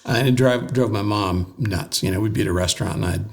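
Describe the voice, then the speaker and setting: An American man, a voice-over artist, telling stories in a relaxed interview with many fillers and restarts. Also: lowish voice, quick pace, vocal fry. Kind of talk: casual interview chat.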